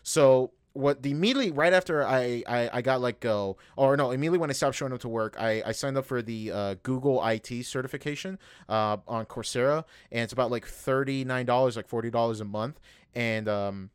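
A man's voice: medium pitch, brisk, clear, resonant tone, dry recording, clean studio sound. Casual, swearing young man venting. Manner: rambling, profane venting with lots of fillers. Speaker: podcast host. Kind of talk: casual podcast chat.

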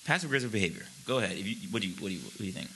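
A man's voice: fairly low pitch, very animated, racing, sharp tone, slight background noise, low-quality recording. A man co-hosting a casual podcast chat, blunt and profane, teasing his friend. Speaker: podcast co-host.

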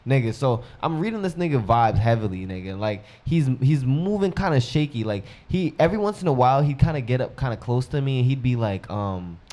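A man's voice: medium pitch, lively intonation, fairly quick, hardly any pauses, darkish tone. A man co-hosting a podcast, telling a story in casual chat, slangy and full of restarts. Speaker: podcast co-host.

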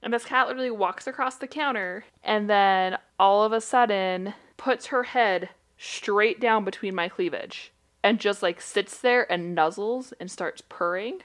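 A young woman chats casually from home on a remote call, her voice sitting at an ordinary middle pitch. She tells stories with animated energy and laughs often as she goes. It sounds like an easygoing podcast conversation between friends. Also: a little slow. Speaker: podcast co-host. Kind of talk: casual chat. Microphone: remote call headset.

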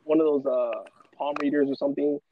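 A man's voice: fairly high pitch, steady tone, brisk, phone-quality sound, slight background noise. A man hosting a casual chat, telling a story in a rambling way with lots of fillers. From Los Angeles. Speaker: podcast host.

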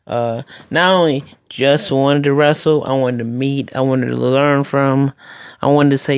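Gravelly and mid-pitched, this wrestler and podcast host speaks a little slowly with fairly even intonation, rambling through a casual opinion monologue and often starting sentences over. The sound is dry and close-miked, without any room to it.

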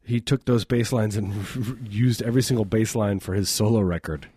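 A man's voice: fairly low pitch, normal speed, warm tone, slightly rough, no room sound, clean studio sound. A man co-hosting a radio show, bantering loosely and joking at his own expense. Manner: self-mocking, jokey, mimics voices, frequent laughs.

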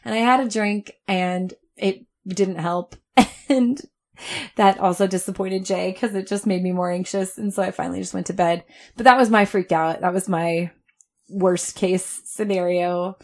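Podcast co-host, woman in her thirties, animated storyteller, mid pitch, laughs often. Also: moderate pace. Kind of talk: casual chat.

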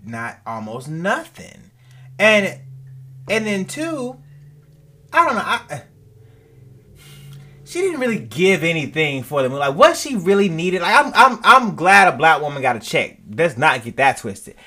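Man, bright voice, laid-back slangy podcast chat, laughs easily. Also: a little high, sing-song, measured pace, long pauses. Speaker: podcast co-host. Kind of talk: casual chat.

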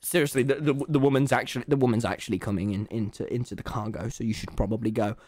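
A man's voice: medium pitch, fast, dry recording, studio quality. A young man, a gaming streamer telling a jokey story and acting out the voices. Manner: animated, jokey, acts out every voice. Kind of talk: casual storytelling while gaming. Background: faint game music.

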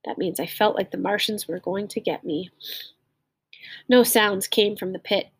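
A woman reading a simplified story aloud, pausing to explain harder phrases in plain words. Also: medium pitch, slightly rough, no room sound.

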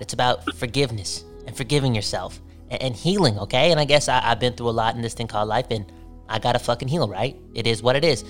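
A man chatting on a phone call, animated and emphatic, tagging his sentences with "okay?". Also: mid-range voice. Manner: animated, repeats "okay?" a lot. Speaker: caller. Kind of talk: casual phone chat.

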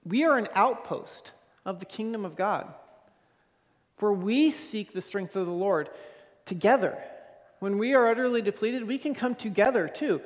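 A man's voice: high-pitched, in a large hall. A man preaching a sermon as pastor of his congregation, earnest, often repeating words and checking in with "okay?".

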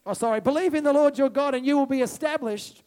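A man preaching a sermon, moving between quiet reflection and loud, repeated declarations. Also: extremely high pitch, quick pace. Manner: impassioned, swinging from soft to loud declarations; repeats phrases for emphasis.

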